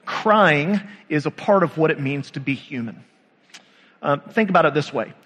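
A man preaching a sermon as pastor, talking conversationally with pauses and rhetorical questions. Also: fairly high pitch. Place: church sanctuary. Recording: church hall reverb.

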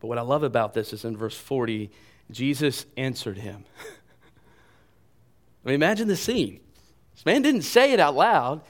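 Animated preacher man with wide swings. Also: mid-range voice, normal speed, pauses often. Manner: animated, jokes at himself, drops to soft voice for quotes. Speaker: pastor. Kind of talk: sermon.

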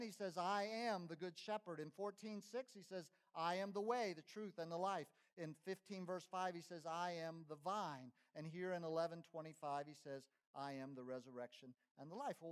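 A high-pitched man preaches from the pulpit with emphatic delivery. His voice rises forcefully on key phrases and drops to a hush between them. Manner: emphatic preaching, rising and dropping in volume. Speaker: pastor. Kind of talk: sermon.

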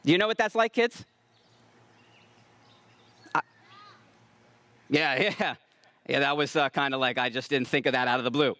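A man preaching a sermon as pastor, earnest and emphatic, slowing down to stress key lines and calling out to the congregation. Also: mid-range voice, dry recording. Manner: self-aware about preaching loudly.

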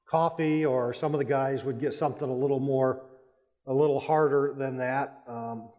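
A Baptist pastor delivers a sermon full of personal stories, his voice rising emphatically as he tells them. The recording sounds like a muffled church hall with long reverb.

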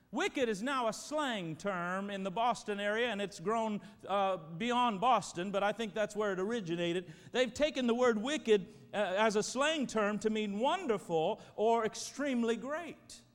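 A man preaching as a pastor, praying emphatically and calling on his congregation to answer. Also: high voice. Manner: emphatic, prayerful, calls for congregation responses. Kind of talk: sermon. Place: church sanctuary. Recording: reverberant church hall.

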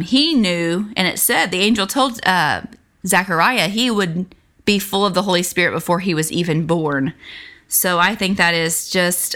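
A woman's voice: fairly low pitch, pushed and bright. A woman giving a casual, earnest Bible lesson, reading scripture aloud and talking it over with many fillers and restarts. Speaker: Bible study teacher.

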